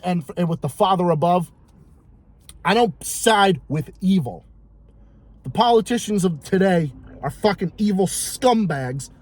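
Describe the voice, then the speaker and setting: A fairly high-pitched man tears through a heated, profane monologue, circling back to the same lines again and again for emphasis. His voice sounds dry and close, with no room around it. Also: no echo. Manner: heated, profane, repetitive ranting. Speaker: vlogger. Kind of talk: ranting monologue.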